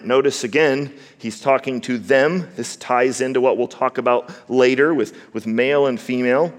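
A man preaches in a mid-pitched voice, leaning hard on key words and drawing them out for weight. He often repeats a word as he gathers momentum. His voice carries a long reverb from a large hall. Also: steady tone. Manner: emphatic, slows down to stress key words, repeats words when building a point. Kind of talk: sermon.

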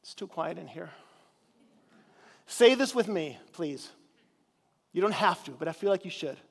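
Male pastor, high voice, conversational sermon, long hall echo. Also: animated, a little slow, gravelly, husky. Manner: conversational preaching, repeats words when searching.

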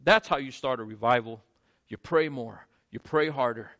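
A male pastor preaching a sermon, shifting between quiet, low lines and emphatic, rising ones. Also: moderate pace.

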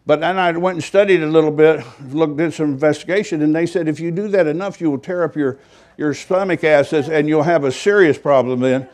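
A man's voice: on the high side, a little fast, a little mellow. An older man, a pastor, telling a story in a rambling, folksy sermon with self-deprecating humor.

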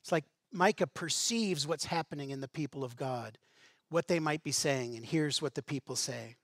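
Brief: male pastor, sermon, conversational and searching, fairly high voice, dry close mic. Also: moderate pace, a bit bright, dry recording. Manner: conversational, asks the congregation rhetorical questions.

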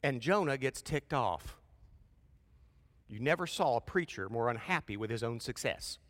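A man preaching a sermon in a church, lively and emphatic, with folksy asides between loud peaks of emphasis. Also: medium pitch, normal speed, big-room sound. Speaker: pastor.

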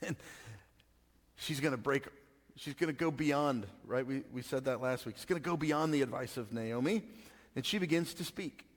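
A pastor delivers his sermon like a friendly chat, checking in with the congregation and chuckling as he goes. His voice sits a little high for a man. Long reverb from the sanctuary trails after each phrase. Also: normal speed. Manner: conversational, laughs often, keeps asking "right?".

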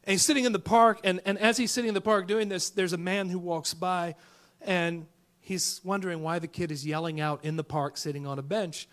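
A man preaching a sermon who tells a story with jokes and swings between loud shouts and hushed whispers. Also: high voice, steady tone, a little fast. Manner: tells jokes and acts out characters in stories.

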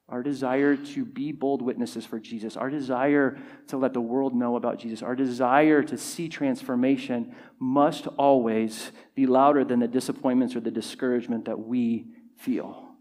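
A man's voice: fairly high pitch, a little mellow. A male pastor preaching a sermon to a congregation, building intensity with repeated phrases. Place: church hall with congregation.

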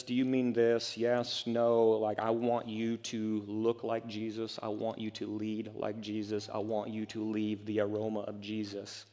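A man, a pastor, preaching a sermon in a casual, animated way, acting out quoted asides. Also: mid-range voice, in a large hall.

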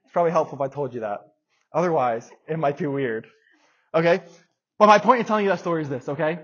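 A youth pastor with a fairly high voice tells a story in a relaxed, chatty way to the group in front of him. The recording is dull and muffled, as if captured from inside a church meeting room. He talks lively and informally, often stopping to check in with his listeners. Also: fast talker, breathy edge. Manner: lively and conversational, directing a live skit. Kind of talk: casual youth sermon with storytelling.

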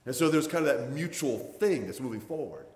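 A man's voice: mid-range voice, expressive, fairly quick, a little mellow. A man in his sixties, a pastor giving a conversational sermon in a folksy, plainspoken storytelling manner. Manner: folksy, storytelling, plainspoken with many hedging fillers. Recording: roomy sound with long hall reverb.

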